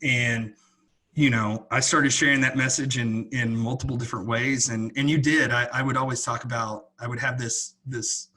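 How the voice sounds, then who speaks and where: Husky-voiced man in earnest podcast chat. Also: medium pitch, steady tone, normal speed, bright, forceful tone. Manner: earnest, rambling with many restarts. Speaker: podcast co-host. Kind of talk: casual chat.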